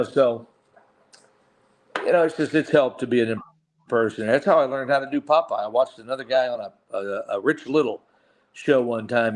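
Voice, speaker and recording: A middle-aged man in a relaxed interview, spinning long career stories at an even, mid-range pitch. He rambles, restarts his sentences and trails into asides as he goes. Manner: rambling anecdotes with many restarts. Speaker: guest voice actor. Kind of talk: casual storytelling interview.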